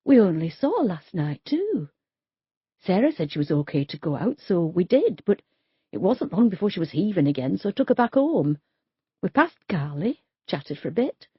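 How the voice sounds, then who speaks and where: A woman's voice: lowish voice, very animated, moderate pace, husky, no echo, lo-fi sound, exaggerated voice. A woman voicing a blunt, gossipy middle-aged street worker, in an audiobook. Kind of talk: audiobook character voice.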